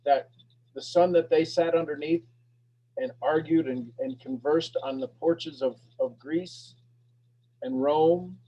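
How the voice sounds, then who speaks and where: A man leads a motivational talk, preachy and full of energy, repeating his questions and dropping from loud bursts to near-hushed lines. His voice is fairly high yet mellow and husky. He comes through on a video call with dull lo-fi sound. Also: slow pace. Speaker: host of a motivational talk show. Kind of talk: live motivational talk to an online audience.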